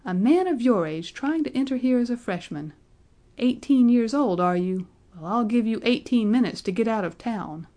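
A woman's voice: medium pitch, expressive, fairly quick, hardly any pauses, dark tone. Woman playing a stern male college registrar. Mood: angry, stern. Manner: polite then stern and scolding.

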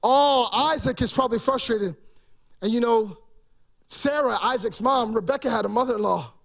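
A male pastor delivering a sermon in an unusually high voice. He is emphatic and keeps turning to the congregation with rhetorical questions. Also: moderate pace, gravelly, fairly bright tone.

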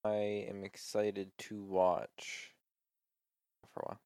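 A man's voice: on the low side, completely flat delivery, slow pace, a little mellow, smooth, no echo, clean studio sound. A young man co-hosting a casual chat, talking loosely with lots of fillers and swearing. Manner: loose, swears often, trailing filler words. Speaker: podcast co-host.

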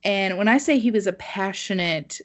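A woman telling a story on a casual podcast, animated and swearing, laughing at herself. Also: medium pitch, moderate pace. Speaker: podcast co-host.

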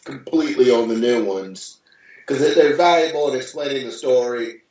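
A man's voice: medium pitch, normal speed, darkish tone, far from the mic. A man in a mid-range voice talks loosely about films, heavy with fillers. He sits well back from the mic, and the room rings with a strong echo. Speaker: podcast co-host. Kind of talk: casual movie discussion. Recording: echoey room, away from the mic.

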